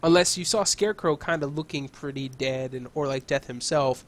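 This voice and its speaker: A young man co-hosting a video game chat, talking loosely and profanely, laughing easily and getting excited. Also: fairly high pitch, moderate pace. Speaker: gaming channel co-host. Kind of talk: casual chat.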